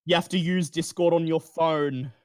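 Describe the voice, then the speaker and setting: A man's voice: fairly high pitch, steady tone, normal speed, dry recording. Male game master, casual narration, dry close voice.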